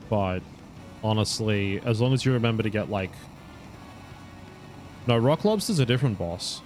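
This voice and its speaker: A low-pitched young man talks through his gameplay in a loose, rambling way, doubling back on himself and tossing in the odd curse. Quiet game music plays underneath. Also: lively intonation, normal speed. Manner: rambling, self-correcting, swears and laughs. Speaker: streamer. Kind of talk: casual live gameplay commentary.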